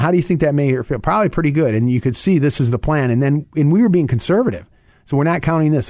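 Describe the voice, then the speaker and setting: A man hosts a financial radio hour, rushing through his points with restarts and filler words. His voice sits at a middle pitch and is recorded dry and close. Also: a little mellow, dry recording. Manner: fast-talking, rambling with restarts and fillers. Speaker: radio show host and investment advisor. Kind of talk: financial advice radio talk.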